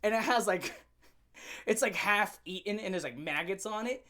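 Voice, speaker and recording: A man's voice: sits high, animated, moderate pace, sharp tone. Brief: young man, storytime vlogger, brash, crude, joking, rambles. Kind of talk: storytime rant.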